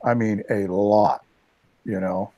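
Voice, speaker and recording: A man in his sixties hosting a casual video chat, telling rambling stories with lively asides. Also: fairly low pitch, slow, dry recording. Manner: rambling storyteller, animated asides. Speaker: host. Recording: dull lo-fi dry sound.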